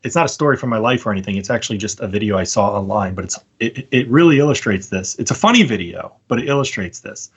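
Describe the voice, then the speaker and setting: A man's voice: lowish voice, animated, fast talker, hardly any pauses, breathy edge. A man hosting a casual debate, making his points through stories and often checking in with "right?". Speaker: podcast host debating a guest.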